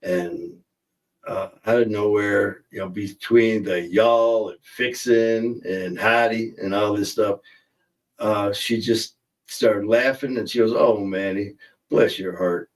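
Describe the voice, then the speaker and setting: Casual stream host, middle-aged man, low voice, rambling chat, a bit off-mic. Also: steady tone, takes it slowly, distant mic, poor audio. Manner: chatty, rambling, reads viewer comments aloud.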